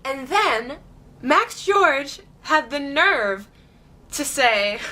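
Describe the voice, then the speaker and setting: A woman vlogging in casual chatty storytelling, giggly, excitable and gushing. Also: fairly high pitch, slow.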